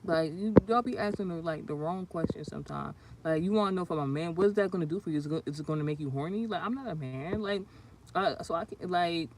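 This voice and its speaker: Woman, tarot livestreamer, brash and profane, reading chat over steady background noise. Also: lowish voice, quick pace. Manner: blunt and profane, trades insults with commenters. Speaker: tarot reader streaming live.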